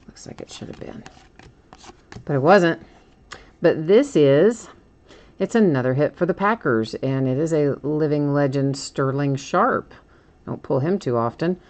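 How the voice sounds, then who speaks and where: A woman with a notably low voice hosts a live card break stream. She chats easily, teases herself and laughs often while stumbling over hard names. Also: lively intonation, a little slow, darkish tone. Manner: chatty and self-teasing, laughs often.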